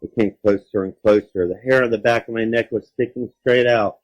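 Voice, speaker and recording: A man reading a children's scary story aloud, dramatic, dropping low and quiet for suspense. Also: steady tone, fairly quick, dull audio. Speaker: story reader.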